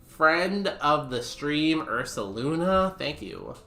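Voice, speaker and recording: Rambling young man streaming a game, bright voice. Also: a little high, very animated, takes it slowly, vocal fry, roomy sound, soft background music. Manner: rambling, filler-heavy chat with viewers. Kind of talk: casual live-stream commentary.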